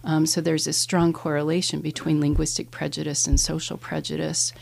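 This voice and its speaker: A woman from Ohio with a lowish, gravelly voice answers interview questions as an English professor. She explains things carefully and pauses often with "um." Her delivery is measured and thoughtful. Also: flat delivery, darkish tone.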